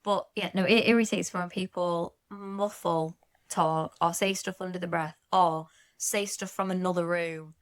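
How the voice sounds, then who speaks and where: A woman's voice: fairly low pitch, fairly even intonation, normal speed. A woman co-hosting a podcast in casual chat, frank and chatty, laughing often. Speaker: podcast co-host.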